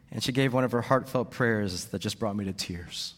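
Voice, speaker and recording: Male pastor giving a sermon, middle-pitched, long church reverb, repeats himself and asks "right?". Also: expressive, moderate pace, a bit bright. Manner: repeats words and adds "right?" to sentences.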